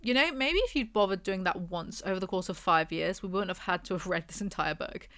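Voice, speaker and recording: A woman's voice: fairly low pitch, brisk, fairly bright tone, no room sound. A young woman reviewing a book with snarky, exasperated, mocking commentary.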